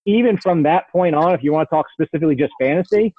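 A man hosting a sports podcast in casual chat, quick and rambling, often correcting himself. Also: a little high, lo-fi sound, slight background noise. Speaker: podcast host.

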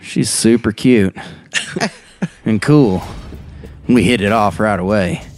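A man's voice: on the low side, slow pace, darkish tone, a little hiss or hum. A man reading a story aloud on a podcast, often stopping to joke about it. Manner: reads aloud and breaks off to joke. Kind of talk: casual comedic podcast chat.

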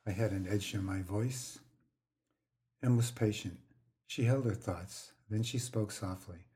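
An older man hosting a podcast, telling a personal story in the first person, quietly and gently. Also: fairly low pitch, a little slow. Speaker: podcast host.

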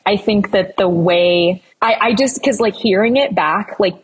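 A woman talking about her castmates in a bubbly, casual way. Her voice is very husky and breathy, and it sits at a middle pitch. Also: a little slow. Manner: bubbly, says "like" often. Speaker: voice actor. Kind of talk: casual panel chat.

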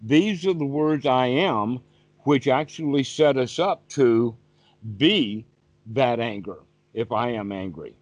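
A man's voice: mid-range voice, lively intonation, slow pace, no room sound. Man teaching over dull call audio. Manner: patient, repetitive explaining. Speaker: meditation teacher. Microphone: video call.

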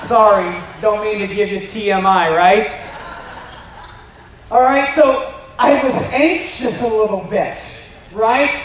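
A man in his fifties preaching a sermon as a pastor, animated, with joking asides and rising to emphatic shouts. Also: very high voice. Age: 50s. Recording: roomy echo.

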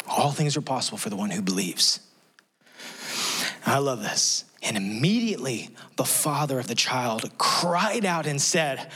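A man's voice: mid-range voice, animated, measured pace, a bit bright, husky. A middle-aged male pastor preaching an impassioned sermon in a church, acting out the voices of the people in the story he tells. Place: church sanctuary.

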